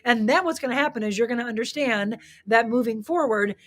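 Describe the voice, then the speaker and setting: A woman's voice: a little high, a little fast. A woman hosting a solo live talk show, upbeat and chatty, speaking straight to her viewers and often restarting and correcting herself mid-sentence.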